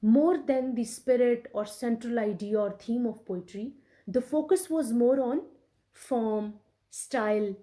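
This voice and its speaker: A woman teacher from Pakistan talks her students through a poem in a recorded lecture. She speaks at an unhurried, deliberate pace in a fairly high but mellow voice, and she repeats each point and checks in often with her class. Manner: slow, repetitive explaining with many check-ins. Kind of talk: recorded English literature lecture.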